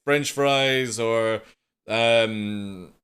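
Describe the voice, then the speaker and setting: A young man talks loosely to his livestream audience at a mid pitch. He rambles, swears offhandedly and answers chat as he goes. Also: very slow, fairly bright tone, clear, resonant tone. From United Kingdom. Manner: rambling, chatty, swears casually, reads chat aloud. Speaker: live streamer. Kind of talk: casual chat with viewers.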